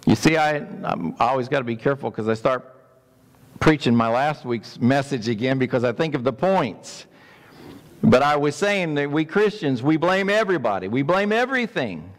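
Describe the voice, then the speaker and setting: A man's voice: mid-range voice, animated, normal speed, long reverb tail. A man preaching a sermon as pastor, emphatic, repeating words and putting questions to his congregation.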